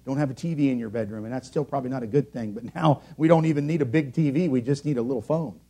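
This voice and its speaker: A middle-aged man preaching a sermon in a church, earnest, rising to loud emphatic peaks and then dropping low. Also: quick pace. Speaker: pastor.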